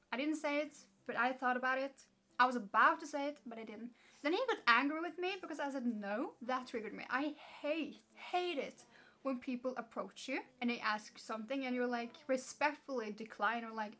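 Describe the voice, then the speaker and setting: A woman's voice: sits high, fairly quick. Chatty Norwegian woman in her twenties. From Norway. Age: 20s. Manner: chatty and animated, swearing, frequent "like" fillers. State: tired. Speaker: vlogger. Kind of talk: casual storytime vlog.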